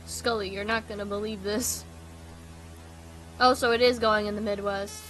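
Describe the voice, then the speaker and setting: A woman's voice: mid-range voice, steady tone, normal speed, fairly bright tone, a little hiss or hum. A young woman streaming a horror game. She reads the on-screen text aloud and rambles in a casual, self-deprecating way while eating dinner.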